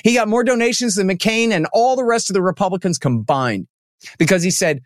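A man as an interview guest, talking in an animated, emphatic way and acting out the people he quotes. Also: high voice, fairly quick, no room sound, studio quality. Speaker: podcast guest, antiwar writer. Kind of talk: casual interview talk.

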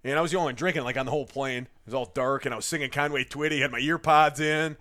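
A man's voice: medium pitch, fairly even intonation, racing, pushed and bright. A man rambling through laughing anecdotes in a casual podcast chat, drinking as he talks. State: drinking while talking. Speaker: guest storyteller.

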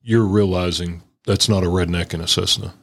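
A man hosts a podcast in a low voice. He talks plainly and bluntly, dropping casual slang as he tells his own story. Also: steady tone, normal speed. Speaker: podcast host. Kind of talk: casual conversation.

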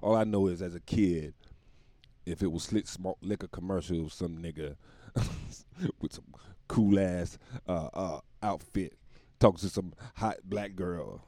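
A tired man rambling through a casual comedic monologue, laughing often and breaking into loud put-on voices. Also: low voice, unhurried, dry recording. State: dog tired.

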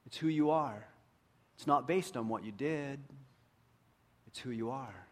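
A man preaching a sermon as pastor to his congregation. He speaks earnestly and often drops to a hushed voice for emphasis. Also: mid-range voice, unhurried, pauses often.

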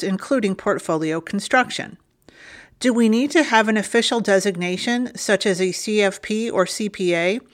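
A woman reading a listener's letter aloud on a podcast, with clear, even delivery. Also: medium pitch. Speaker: reader of listener emails.

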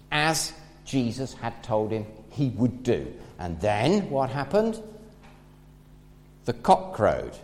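A man preaches a sermon, retelling a Bible story with lively, animated pitch. His voice swings from loud to hushed as he tells it. The sound carries a long hall reverb.

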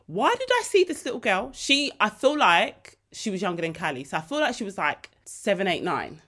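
A woman hosting her own podcast, telling stories in a lively, emotional way and laughing easily. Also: medium pitch, moderate pace. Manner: animated storytelling, laughs and gets emotional easily. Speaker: podcast host. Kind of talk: casual solo podcast chat.

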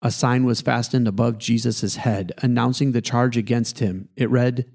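Male pastor, scripture reading, steady measured delivery, warm dark voice. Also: medium pitch, vocal fry.

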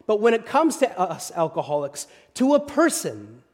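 Dramatic preacher whispering and rising. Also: male voice, sits high, wildly swooping pitch, moderate pace, big-room sound. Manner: dramatic, shifting from loud to whispered. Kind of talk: sermon.

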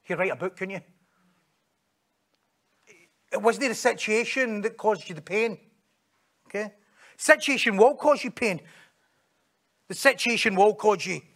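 Gravelly preacher, high voice. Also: male voice, a little slow, pauses often, pushed and bright. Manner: conversational preaching, acts out quoted voices, rhetorical questions. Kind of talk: sermon.

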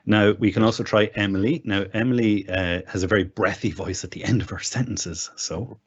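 A fairly low, husky male voice, easygoing and a little self-mocking as he explains each step of a demo. The sound is dull and lo-fi, like a remote call recording. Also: fairly even intonation, brisk. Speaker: guest demonstrating software. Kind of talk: casual spoken tech demo.

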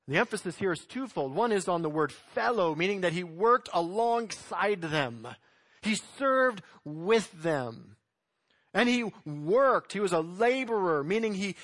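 A man's voice: high voice, fairly bright tone. A man preaching a sermon as pastor, reading scripture verses aloud and exhorting his congregation.

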